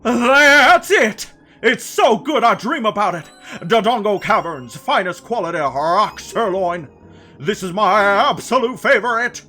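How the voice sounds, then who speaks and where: A man reading aloud as a hungry male Goron stuck on a high ledge, talking loudly and formally and gushing over food. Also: lively intonation, unhurried, faint music behind, full character voice. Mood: excited.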